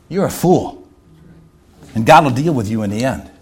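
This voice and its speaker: A male preacher moves back and forth between loud urging and hushed appeals in his sermon, using rhetorical questions and lingering on key words. His mid-range voice is husky with lively intonation.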